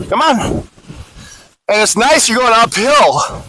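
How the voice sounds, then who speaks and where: High-voiced man calling exercise counts. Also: big pitch swings, moderate pace, sharp tone, low-quality recording. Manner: counts cadence, coaches and jokes. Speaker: army fitness instructor. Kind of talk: informal exercise instruction. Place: outdoors on a grassy hillside.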